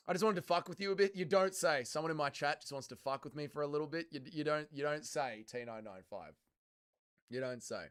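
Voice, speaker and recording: Australian male streamer, profane banter, crisp and sharp tone. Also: on the high side, brisk. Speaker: livestream host. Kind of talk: casual livestream chat, reading viewer comments.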